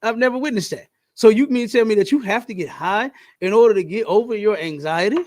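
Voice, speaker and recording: A man's voice: sits high, a little fast, a little mellow. A man hosting a podcast in casual chat, talking in an emphatic, preachy way and repeating his points. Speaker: podcast host.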